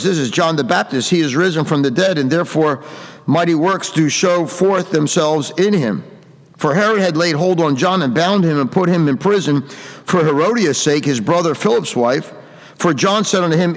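A man's voice: fairly high pitch, in a large hall. A man preaching a sermon, reading King James verses aloud and commenting on them with emphasis.

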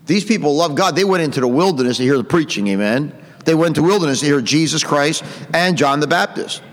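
A man's voice: fairly high pitch, lively intonation, fast talker, long reverb tail. A man preaching a sermon, reading King James verses aloud and commenting on them with emphasis.

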